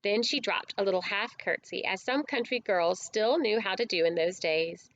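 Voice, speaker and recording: A woman reading a storybook aloud as an audiobook narrator, with clear, steady storytelling. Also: medium pitch, moderate pace, lo-fi sound, a little hiss or hum.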